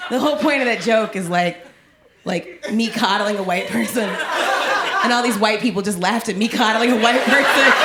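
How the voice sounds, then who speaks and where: A woman comedian performing a stand-up set on a club stage, chatty and animated with lots of "like". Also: mid-range voice, a little fast. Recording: echoey live club, loud background noise. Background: audience laughter.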